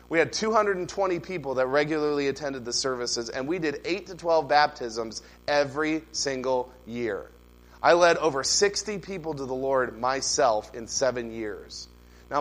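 Earnest preaching pastor, man, high-ish voice. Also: low-quality recording. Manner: earnest, builds to loud impassioned preaching. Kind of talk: sermon. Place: church sanctuary.

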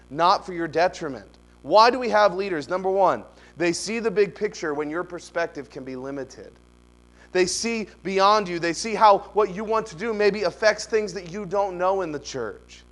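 A man's voice: a little high, a bit bright. A middle-aged man preaching a sermon as pastor, telling stories and pushing emphatic rising questions.

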